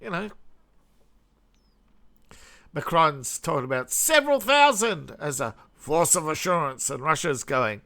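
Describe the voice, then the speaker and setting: A man's voice: a little high, animated, unhurried, creaky, long pauses, sharp tone. An Australian man hosting a casual news commentary vlog, rambling and sarcastic, chuckling at his own jokes. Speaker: host.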